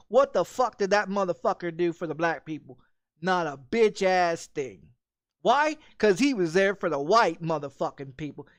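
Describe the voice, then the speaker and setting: A game streamer in the middle of an angry, expletive-laden rant. The talk is heated and repetitive, hammering the same points again and again. The voice sits at a middling pitch.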